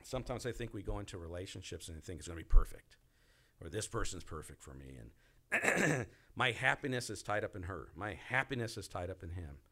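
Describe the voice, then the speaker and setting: A man's voice: deep voice, animated, a little fast, pushed and bright. A male pastor preaching a conversational sermon, speaking directly to the congregation and acting out the pleas he quotes. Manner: conversational, repeats and restarts, acts out quoted pleas.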